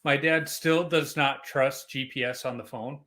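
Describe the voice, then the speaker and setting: A middle-aged man hosts a podcast in a casual interview. His voice is bright and forward, and he tells stories in a relaxed, chatty way. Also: medium pitch, a little slow. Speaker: podcast host.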